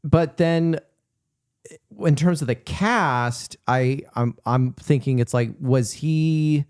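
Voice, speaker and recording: A man co-hosting a film podcast, talking casually in a rambling, halting way with many restarts. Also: a little high, a little mellow, clean tone, no echo, studio quality. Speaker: podcast co-host.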